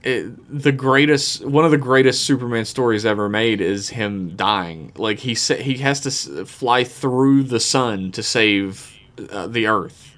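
A man co-hosting a casual podcast, recapping a TV episode loosely with swearing and quick character quotes. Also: medium pitch, a bit bright. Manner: loose, profane, quotes characters in offhand voices. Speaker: podcast co-host.

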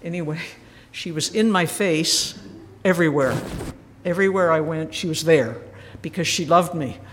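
A woman speaking as a retreat leader, sharing a personal story gently and earnestly, with self-deprecating humor. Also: sits low, moderate pace, a little hiss or hum. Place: church. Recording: long church reverb.

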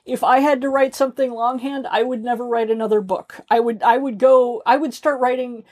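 A woman's voice: a little high, steady tone, a little fast, a little mellow. A woman co-hosting a podcast, chatting casually in a rambling, self-deprecating way with frequent swearing. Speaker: podcast co-host, author. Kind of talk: casual chat.

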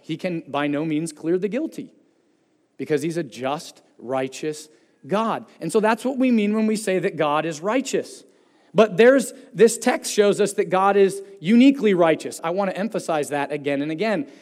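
A man preaching a sermon with a slightly raised voice, heard in a church hall with a long reverb. His delivery is earnest and emphatic. He climbs on key words and sinks low and soft at the end of each point. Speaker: pastor.

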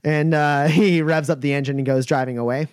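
A man narrating a tabletop game as game master, relaxed and laughing, with many fillers. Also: fairly high pitch, a little fast, clear, resonant tone, no echo, studio quality.

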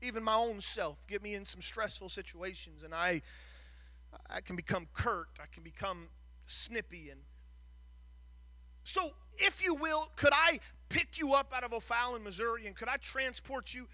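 A man preaching a sermon with a high, sharp, piercing voice. He tells the story with drama, swelling into a sing-song, emphatic delivery and repeating words as he builds. The sound is dry and close. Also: expressive, moderate pace, no room sound. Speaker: pastor.

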